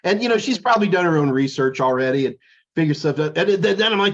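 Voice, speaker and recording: A man's voice: high voice, quick pace, highs cut off. A middle-aged man co-hosting a casual chat, rambling and joking as he tells stories. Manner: rambling, jokey, animated storytelling. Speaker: podcast co-host.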